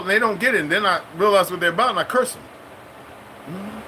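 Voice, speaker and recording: A middle-aged military veteran talking in a casual, rambling monologue, profane and streetwise, breaking into sudden high-pitched bursts. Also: male voice, fast talker, pushed and bright, a little hiss or hum, rough recording.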